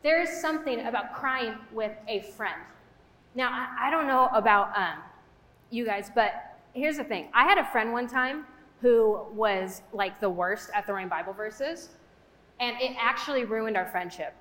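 A woman's voice: fairly high pitch, lively intonation, unhurried, a bit bright. A young woman giving a casual, conversational sermon, chatty and full of fillers, in a church hall. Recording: echoey hall with long reverb.

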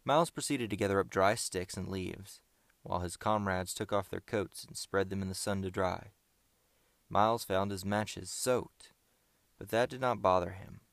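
Man, audiobook narration, low gravelly voice, dry close sound. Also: no echo. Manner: steady, measured reading.

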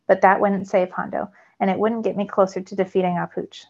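Woman teacher, gravelly voice, storybook read-aloud for kids, dull lo-fi sound. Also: mid-range voice, brisk. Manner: lively storytelling, rising with the action. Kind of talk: reading a novel aloud for students. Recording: dull lo-fi recording.

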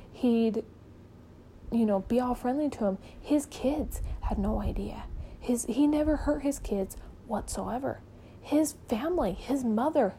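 A woman's voice: fairly high pitch, dark tone, slight background noise, low-quality recording. A woman hosting a podcast, retelling a true-crime case in a casual, chatty way full of "like" and "um", acting out the people she quotes. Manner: chatty, peppered with "like" and "um". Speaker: podcast host.

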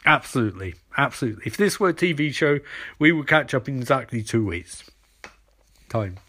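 A man's voice: medium pitch, animated, brisk, bright, forceful tone. A man giving a casual, irreverent comedic recap of a TV episode, rambling and swearing. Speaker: podcast host recapping a TV episode.

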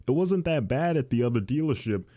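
Ranting to his viewers, a man who works in a dealership's tire warehouse swears freely and keeps calling everyone "dude." His medium-pitched voice is warm, animated and brisk.

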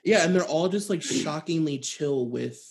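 A young woman in casual movie chat, animated and mocking, often acting out lines from the film. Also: deep voice, moderate pace. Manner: animated, mocking, acts out quotes.

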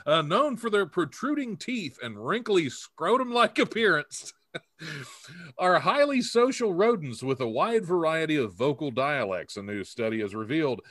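A man's voice: fairly high pitch, big pitch swings, a little slow, fairly bright tone, dry recording. Laughing man hosting a comedy podcast. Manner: laughs often, reads news aloud with jokes. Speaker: podcast host. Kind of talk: casual comedic chat, reading news items.

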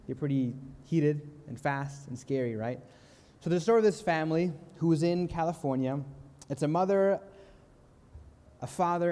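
Young man preaching in a reverberant church. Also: on the high side. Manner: calm, earnest, slows and softens on key lines. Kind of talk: sermon with storytelling. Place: church sanctuary.

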